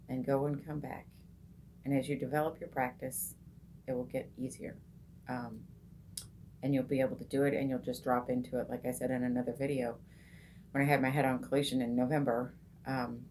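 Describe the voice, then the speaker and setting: A low-pitched, middle-aged woman coaches meditation in an easy, chatty way, stopping often with "um" and starting sentences over. When she leads the breath she slows right down and goes soft. A faint hum of room ambience sits under her voice. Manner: unhurried, many ums and restarts, soft and slow when guiding the breath. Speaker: meditation coach and group host. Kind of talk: casual teaching talk on meditation.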